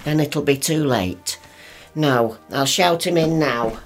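A woman's voice: low-pitched, slow pace, faint music behind. An actress playing a bustling, nagging working-class mother with a northern English accent in a radio play. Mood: fussing. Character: fussing, practical northern working-class mum.

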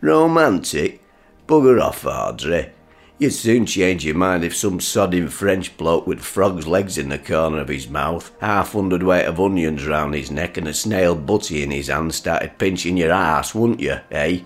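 A gruff, very deep-voiced dad. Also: male voice, a little slow, soft background music. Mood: ranting. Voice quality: gruff, sarcastic, swears freely. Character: grumpy, crude, blustering working-class father. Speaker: father. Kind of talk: broadcast drama acting.

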